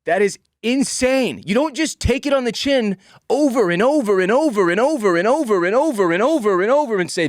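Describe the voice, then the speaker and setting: A man hosting a casual sports podcast, venting in a profane, exasperated rant. His voice sits high and swings widely in pitch. The sound is dry and close, with no room echo. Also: expressive, brisk. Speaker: podcast host.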